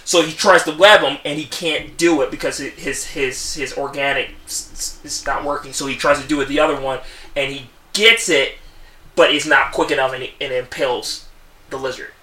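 A man's voice: medium pitch, normal speed, sharp tone, echoey room, far from the mic, low-quality recording. A man co-hosting a casual podcast, retelling a movie idea in a rambling way with many restarts. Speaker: podcast co-host.

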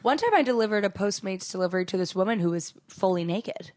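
Young woman, comedian, casual podcast chat, deadpan storytelling, dry close mic. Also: mid-range voice, fast talker, no echo. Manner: storytelling with deadpan jokes, many fillers.

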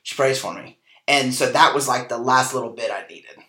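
A man in his forties from Kansas, hosting a podcast and telling a personal story in an animated, casual way with plenty of fillers. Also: medium pitch, fairly quick. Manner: animated storyteller, acts out quoted dialogue, frequent fillers. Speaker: podcast host. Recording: echoey room.

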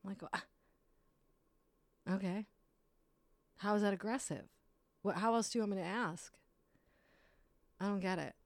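Young adult woman, podcast host, blunt and frank, swears freely, dry close sound, mid-pitched. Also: no room sound. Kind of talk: casual solo rant.

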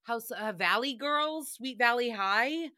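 A woman's voice: on the high side, expressive, slow, pushed and bright. A woman hosting a podcast, recapping a show in casual, sarcastic chat and swearing freely. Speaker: podcast host.

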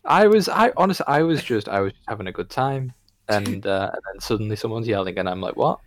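A man's voice: fairly low pitch, expressive, fast, slight background noise. A man co-hosting a podcast, bemused and easygoing in casual chat. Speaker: podcast co-host.

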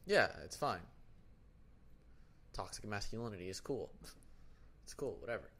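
A young man co-hosting a podcast, brash and animated in casual banter, swearing freely. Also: on the low side, normal speed, a little hiss or hum. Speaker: podcast co-host.

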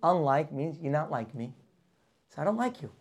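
Animated man teaching a Torah class. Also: fairly high pitch, moderate pace. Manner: animated, rhetorical questions, acts out characters. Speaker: rabbi teaching a weekly class. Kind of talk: lively Torah class lecture.

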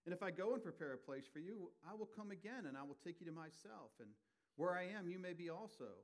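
A man preaching a sermon, animated and expressive, his volume rising and dropping as he acts out the people he quotes. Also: high-pitched, fast. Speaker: pastor.

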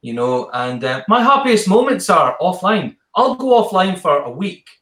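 A man's voice: high voice, sing-song, moderate pace, fairly bright tone, echoey room, poor audio. A man hosting an interview, effusive and enthusiastic, often restarting his sentences. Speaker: podcast host. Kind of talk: casual interview chat.

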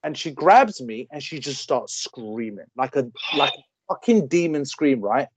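A man in his thirties telling a story on a casual podcast, animated and swearing freely. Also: mid-range voice, a little slow, background noise. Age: 30s. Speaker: podcast co-host. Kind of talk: casual chat.

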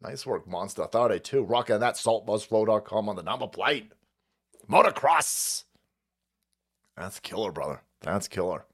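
A man hosting a livestream, ranting about politics in a profane, animated way with frequent laughter. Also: lowish voice, moderate pace, breathy edge. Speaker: livestream host.

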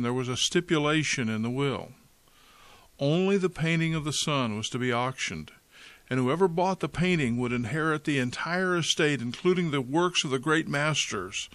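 Man doing an insistent auctioneer, formal, mid-pitched, dry. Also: a bit bright, no room sound, natural voice. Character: persistent male auctioneer.

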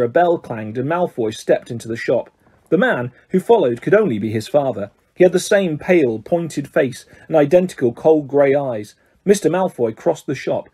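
A man reading a children's storybook aloud, expressive and lively. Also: a little high, husky. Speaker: audiobook reader.

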